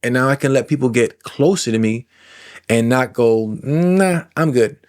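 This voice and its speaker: A man in his forties with a mid-range voice talks straight to camera as a self-help coach. He is animated and conversational, stretching out words for emphasis and slipping into little acted inner voices. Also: mid-range voice, clean tone. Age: 40s. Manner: animated, acts out inner voices and imagined replies, drawn-out emphasis. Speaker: coach working with trauma clients.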